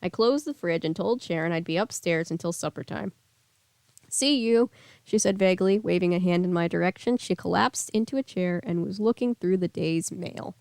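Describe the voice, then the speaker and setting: A woman's voice: on the low side, a little fast, creaky, hardly any pauses, a little mellow, dry recording. A woman streamer reading a novel aloud on stream, with casual asides and self-corrections.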